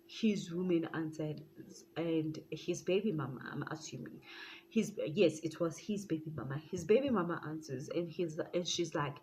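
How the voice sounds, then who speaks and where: A South African woman telling a story to camera in a casual vlog. She is animated, laughs often and slips into Zulu phrases. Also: sits low, normal speed, a little hiss or hum, low-quality recording. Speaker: YouTuber.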